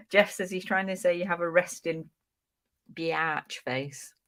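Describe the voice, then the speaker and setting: A woman's voice: on the low side, takes it slowly, a bit bright. A woman co-hosting a casual live chat, reading out viewer comments, playful and teasing, laughing often. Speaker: co-host of a reselling live stream.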